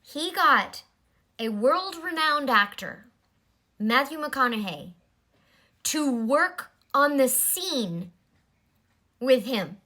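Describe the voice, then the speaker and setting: A woman's voice: high voice, very animated, extremely slow, long pauses, sharp tone. A woman in her forties giving a blunt, exasperated commentary in a vlog. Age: 40s. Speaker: vlogger.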